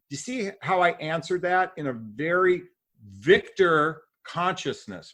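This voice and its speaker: A middle-aged man, a relationships coach, giving animated advice in a podcast interview and acting out sample lines. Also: fairly high pitch, brisk. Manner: animated, acts out sample dialogue in voices. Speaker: dating and relationships coach, guest.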